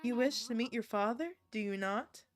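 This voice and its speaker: A woman voicing a calm, gentle mother in a game, speaking in a measured, formal way. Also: on the high side, natural voice.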